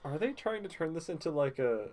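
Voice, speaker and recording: Brief: young woman, low and animated, wry movie-reaction chat, crowd noise behind. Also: a little fast, faint music behind. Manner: laughing, sarcastic, acts out mock voices. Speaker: video host. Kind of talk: casual reaction commentary.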